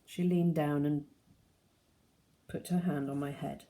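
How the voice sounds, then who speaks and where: Teacher reading a novel aloud, woman, low gravelly voice, steady pace. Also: unhurried, long pauses.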